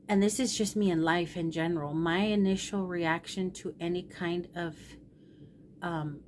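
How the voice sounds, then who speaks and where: A woman's voice: on the low side, a little mellow, slight background noise. A middle-aged woman vlogger telling a personal story in a candid, rambling, emotional way.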